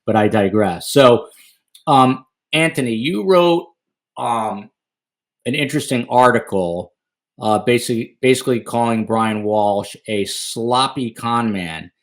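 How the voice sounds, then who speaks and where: A man's voice: medium pitch, measured pace. A man hosting a podcast interview, chatty and self-deprecating, wandering into asides. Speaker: podcast host.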